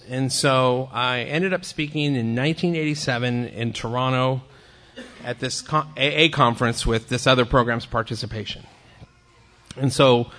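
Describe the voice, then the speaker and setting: A man's voice: medium pitch, pushed and bright. An older man sharing his recovery story as a talk, wry and self-mocking with campy punchlines. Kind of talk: humorous personal storytelling talk.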